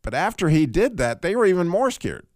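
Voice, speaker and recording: Guy hosting a christian call-in radio show, bouncy lively pitch, laughs a lot, dry close sound. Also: brisk, no echo. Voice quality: animated, laughing, frequent restarts. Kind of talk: casual Bible teaching on talk radio.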